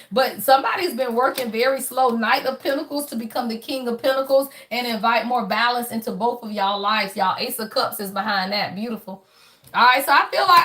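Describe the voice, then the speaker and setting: High, bright-voiced tarot reader woman. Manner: animated, profane storytelling, constantly addressing viewers as y'all. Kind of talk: casual tarot reading to viewers.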